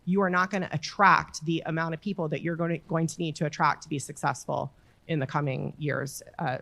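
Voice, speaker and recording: A woman's voice: low voice, fairly even intonation, a little fast, gravelly, a bit bright, slight background noise. A woman panelist giving earnest, emphatic motivational advice in a panel discussion. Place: conference room with audience.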